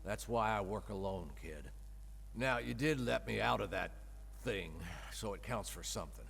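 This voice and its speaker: An actor playing a gruff, contemptuous loner gunslinger in a video game, with a drawling voice. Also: male voice, lowish voice, moderate pace, a bit bright, full character voice. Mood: menacing. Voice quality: gravelly, drawling. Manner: threatening, contemptuous.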